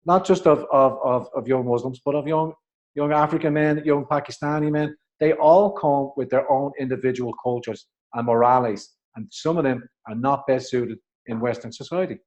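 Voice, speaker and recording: A man, interviewing and commenting on current events in a halting way, restarting and repeating words. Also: medium pitch, fairly even intonation, a little mellow, lo-fi sound. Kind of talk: conversational commentary.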